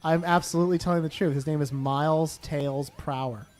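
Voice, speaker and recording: A man's voice: a little high, steady tone, fairly quick, darkish tone, soft background music. A young man co-hosting a gameplay video, joking around in playful casual banter. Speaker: co-host.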